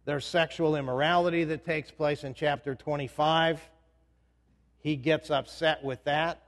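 A man's voice: a little high, steady tone, measured pace. A male pastor preaching a sermon in a conversational way, often putting questions to the congregation. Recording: reverberant hall.

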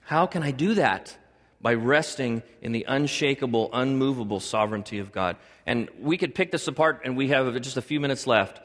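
A middle-aged man preaching a sermon to a congregation as pastor, animated, joking and acting out little dialogues. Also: moderate pace, long reverb tail. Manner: animated, acts out dialogue with God in a higher voice; jokes and laughs with the congregation.

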